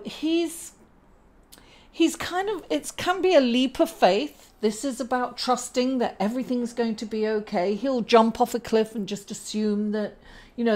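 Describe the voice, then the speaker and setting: A woman's voice: fairly high pitch, darkish tone. A woman reading tarot cards in a chatty way, laughing at herself now and then. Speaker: astrologer and tarot reader. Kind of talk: casual tarot reading to camera.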